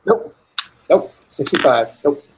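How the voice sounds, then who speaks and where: A man's voice: on the high side, animated, slow pace, noisy background. A man playing a tabletop game, stammering and restarting as he thinks aloud about his moves. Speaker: player.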